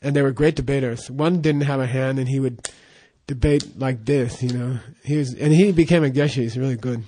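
Halting, chatty male monk storyteller. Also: medium pitch, warm tone, a little hiss or hum. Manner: rambling, halting, with fillers and laughs. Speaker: Buddhist monk teacher. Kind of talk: casual storytelling teaching.

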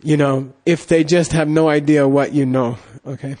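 A man's voice: a little high, steady tone, normal speed, warm tone. A middle-aged man giving a casual Buddhist teaching, rambling through anecdotes with constant "you know" and "okay?" check-ins. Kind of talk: casual dharma talk with anecdotes.

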